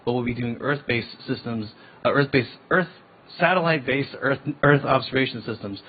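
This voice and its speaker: A man pitches his ocean data company to a panel audience, talking casually and eagerly and tripping over his words now and then. His voice comes through thin and phone-like. A faint hiss sits under it. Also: normal speed. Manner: casual, restarts words, enthusiastic. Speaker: ocean tech founder presenting. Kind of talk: panel presentation. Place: event hall. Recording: tinny phone-like line with faint noise.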